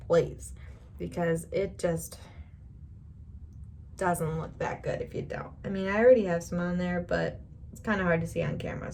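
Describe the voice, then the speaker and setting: A woman's voice: on the low side, a little mellow, a little hiss or hum. Chatty young woman giving a makeup tutorial. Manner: chatty, rambling, reassuring, laughs often. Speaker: beauty vlogger.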